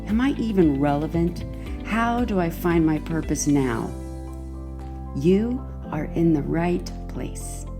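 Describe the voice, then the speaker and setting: A woman hosting a faith-based podcast for women, reading an encouraging intro and then asking her guest questions. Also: on the low side. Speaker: podcast host.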